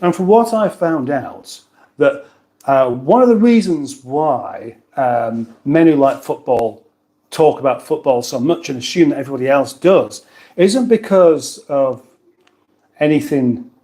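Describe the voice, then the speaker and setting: A man's voice: mid-range voice, animated, measured pace, warm tone. A British man hosting a casual livestream, chatting in a rambling way and reading out viewer comments. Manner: rambling, chatty, with many restarts and asides. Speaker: livestream host.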